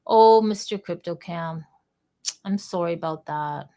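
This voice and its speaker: A woman's voice: lowish voice, a little slow, warm tone. A woman hosting a live online audio chat in a bubbly, chatty, playful way. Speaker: host.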